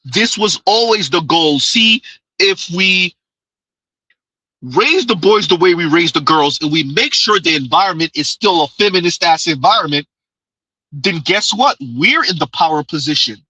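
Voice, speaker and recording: A man with a husky voice rants in a reaction commentary. His tone is hard and bright, and the room sounds dry. He talks in a loud, mocking, heated way. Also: a little high, animated, moderate pace, dry recording, low-quality recording. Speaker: commentary host.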